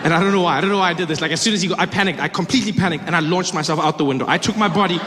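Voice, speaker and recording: A man tells a story in a stand-up comedy set in a fairly high voice, acting out each scene. He is recorded live on a stage, with long hall reverb and clear crowd noise behind him. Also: rapid-fire. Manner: animated, acts out scenes, shifts voices.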